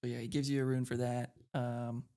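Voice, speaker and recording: A man's voice: medium pitch, flat delivery, a little fast, warm tone. A man co-hosting a podcast, rambling loosely and conversationally through a recap of a video game. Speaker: podcast co-host.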